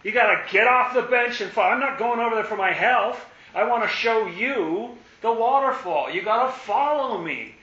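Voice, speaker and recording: A firm male trail guide who coaxes and urges people to follow him, as a man puts him on. The voice has a bright edge and sits a little high. The recording is echoey and dull. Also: fast, hardly any pauses, close to an everyday voice. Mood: insistent. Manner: coaxing, then insistent.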